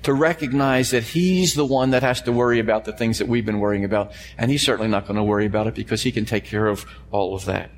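A man's voice: on the low side, steady tone, quick pace, few pauses. A man preaching a sermon to a congregation. He talks in emphatic, repeated phrases and puts questions to his listeners. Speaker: pastor. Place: church sanctuary before a congregation. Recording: long hall reverb with faint hum.

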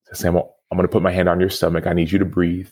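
Earnest man with a very low voice. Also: monotone, quick pace, darkish tone. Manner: earnest, reflective storytelling. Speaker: podcast guest, former football player. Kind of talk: storytelling interview answer.

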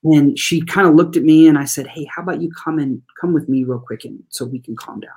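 Animated, folksy school staffer telling stories. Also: mid-range voice, brisk. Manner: animated, folksy, addresses listeners as "y'all". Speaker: school trauma-informed support staff. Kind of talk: storytelling in an interview.

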